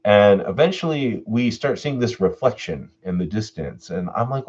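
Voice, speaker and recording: A man hosting his own live stream Q&A, telling a personal story in a laid-back way, swearing freely and getting animated when he retells what people said. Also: on the low side, moderate pace, few pauses, slightly rough, dull audio. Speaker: channel host doing a live stream Q&A.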